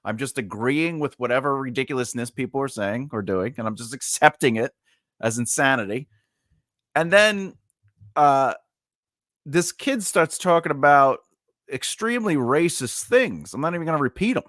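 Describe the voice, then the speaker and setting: With a medium-pitched voice at a normal pace, this man, a regular co-host, shares a story at his own expense on a live stream. He animatedly voices the people he quotes, and the studio-quality recording is dry.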